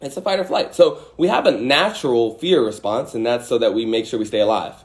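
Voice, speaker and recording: A man's voice: medium pitch, fairly quick. A man hosting a livestream, giving a casual motivational talk and acting out angry and scared voices with some swearing. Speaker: host.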